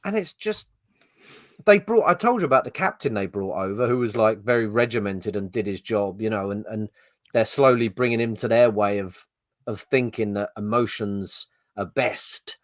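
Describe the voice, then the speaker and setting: A man's voice: fairly low pitch, moderate pace, no echo. Ranting man, dry close sound. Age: middle-aged. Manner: ranting, exasperated, swears freely. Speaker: podcast co-host. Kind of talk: casual podcast chat.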